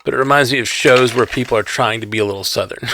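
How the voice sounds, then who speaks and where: A man's voice: mid-range voice, quick pace, bright, forceful tone, slight background noise. A man co-hosting a podcast in casual chat, easygoing, laughing often and trailing off mid-thought. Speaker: podcast co-host.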